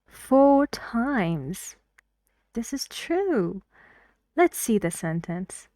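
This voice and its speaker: Woman pronunciation teacher, unhurried and mellow, patient drills, dry close sound. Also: a little high, very animated, no echo. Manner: patient, drills words aloud, repeats for emphasis. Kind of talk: language lesson.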